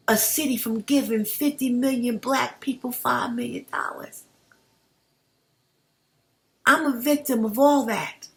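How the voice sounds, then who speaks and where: A woman's voice: fairly high pitch, a bit bright. A woman, talking straight to her viewers as "family" in an impassioned commentary vlog. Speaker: YouTube commentator. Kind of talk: direct-to-camera commentary vlog.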